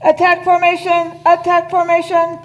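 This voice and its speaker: A cold, commanding Dalek , played by a woman, barks its orders in a high, unbending monotone. It is a live fan radio play. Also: normal speed, poor audio. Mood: urgent. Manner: barked flat orders.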